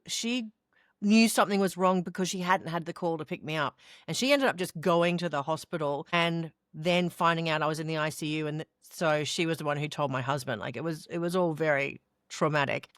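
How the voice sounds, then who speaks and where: A woman's voice: lowish voice, dry recording, studio quality. A middle-aged woman with an Australian accent, telling her own story candidly as an interview guest and acting out the voices of people she quotes. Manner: expressive, acts out quoted voices, laughs while telling.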